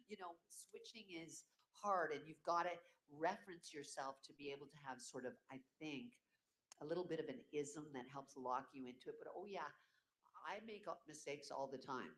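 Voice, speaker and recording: An older voice actor at a convention panel answering fan questions casually, animated and breaking into playful character voices. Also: medium pitch, moderate pace.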